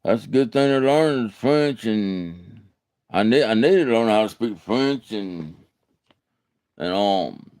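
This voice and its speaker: Halting Southern man, smooth low voice. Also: animated, a little mellow, no echo, clean studio sound. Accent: Southern American. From Alabama, USA. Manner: halting, repeats words, rambling and folksy. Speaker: livestream host. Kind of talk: casual livestream chat answering comments.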